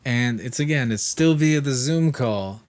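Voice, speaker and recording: A man, sick with a fever and clearing his throat, telling a profane, exasperated story in casual chat and mimicking the people he spoke to. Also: medium pitch, unhurried. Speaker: vlogger.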